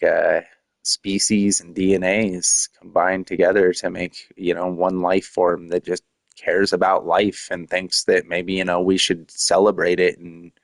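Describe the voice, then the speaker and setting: A man chatting casually on a live stream, rambling through his thoughts with lots of fillers and laughter. His voice sits low with a gravelly fry, and the sound is dry and close. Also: no echo.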